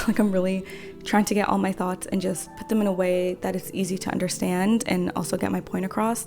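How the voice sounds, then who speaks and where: Young woman, rambling casual vlog talk, gravelly fry, faint music underneath. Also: medium pitch, darkish tone. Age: 20s. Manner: rambling, earnest, full of fillers. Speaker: vlogger.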